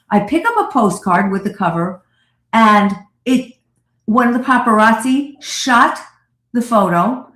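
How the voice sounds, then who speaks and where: A woman therapist telling a lively personal story as a radio guest, acting out the voices of the people she quotes. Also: medium pitch, echoey room. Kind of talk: animated storytelling in an interview.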